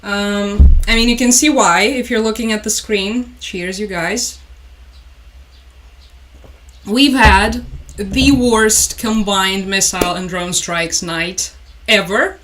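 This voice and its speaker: A woman's voice: medium pitch, slow pace, fairly bright tone, a little hiss or hum. Woman from Ukraine hosting a casual news livestream, tired, chatty, dry sarcastic humor, mid-range voice. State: stressed and tired. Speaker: livestream host. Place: home room with a collection on the wall.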